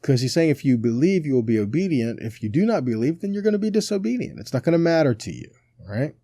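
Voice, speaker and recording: A man with a warm, mellow voice leads a relaxed Bible teaching, reading scripture aloud and pausing for rhetorical check-ins. His pitch sits in an ordinary middle range. The recording is dry and close, with no room sound. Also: dry recording.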